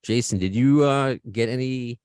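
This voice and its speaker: A man's voice: mid-range voice, moderate pace, darkish tone, clean tone, dry recording, studio quality. An American man hosting a podcast over a video call, chatting in a joking, self-mocking way. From United States. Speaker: podcast host. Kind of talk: casual chat.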